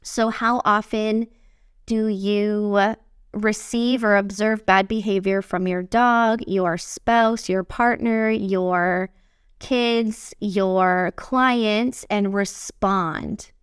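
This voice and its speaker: Woman coach hosting a solo podcast, smooth voice, dry close sound, blunt with the odd swear, shifts between quick bursts and slow phrases. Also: mid-range voice, dry recording. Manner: candid and swears freely; lively delivery that swings from fast bursts to slow, stretched phrases. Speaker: podcast host and business coach. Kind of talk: casual solo podcast talk.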